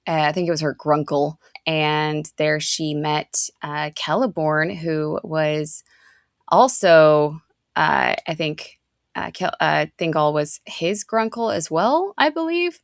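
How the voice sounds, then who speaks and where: This podcast co-host, a woman in her thirties, keeps the chat casual and rambling, full of fillers. Her voice sits low and she takes it slowly. The studio sound is clean, with no room sound.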